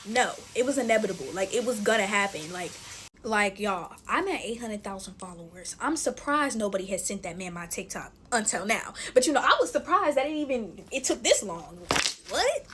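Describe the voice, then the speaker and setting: A woman's voice: mid-range voice, animated, fairly quick, a bit bright, a little hiss or hum. A woman in her twenties chatting through a casual storytime while playing with slime, full of fillers and talking to viewers as y'all. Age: 20s. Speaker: TikTok storyteller.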